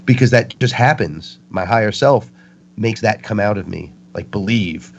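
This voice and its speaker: A man talks as a guest on a spiritual talk show, with a low, grounded voice. He tells stories with animated energy and acts out the voices he quotes. The recording sounds muffled and lo-fi, with faint noise behind him. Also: moderate pace, creaky. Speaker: interview guest.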